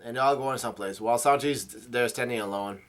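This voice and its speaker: A man host reading through a comic chapter casually, in a halting way, stumbling over names and adding his own asides. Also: mid-range voice. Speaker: manga reader and channel host.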